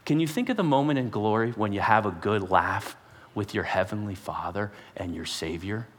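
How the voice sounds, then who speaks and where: A man preaching a sermon, telling the story with animated energy and acting out the characters with sudden jumps in pitch. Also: moderate pace, in a large hall. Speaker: pastor.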